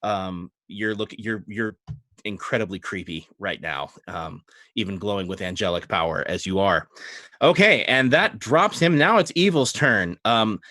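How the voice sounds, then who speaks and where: Lively, teasing game master. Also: male voice, lowish voice, a little slow, no echo, studio quality. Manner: playful, teasing, animated. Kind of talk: narrating a tabletop game.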